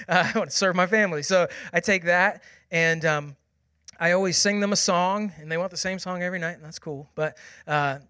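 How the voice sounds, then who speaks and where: A man in his thirties preaching a sermon, telling a personal family story and moving from hushed, quiet passages to loud, excited ones. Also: fairly high pitch, clear, resonant tone, no echo. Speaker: pastor.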